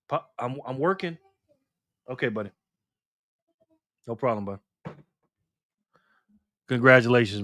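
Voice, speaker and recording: A man's voice: medium pitch, a bit bright, no echo, clean studio sound. A man hosting a casual live stream, laughing often and bantering with his chat as he reads their comments.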